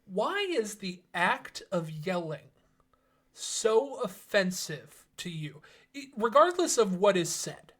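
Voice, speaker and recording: High-voiced man pressing questions. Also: sing-song, slow, a bit bright. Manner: probing, keeps pressing questions. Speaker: podcast co-host. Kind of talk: casual debate chat.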